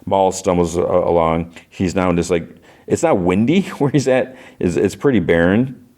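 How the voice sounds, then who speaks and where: A man's voice: deep voice, normal speed, a little mellow. A man hosting a podcast, retelling a show episode in a rambling way, with lots of "he's like" and fillers. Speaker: podcast host. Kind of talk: casual episode recap.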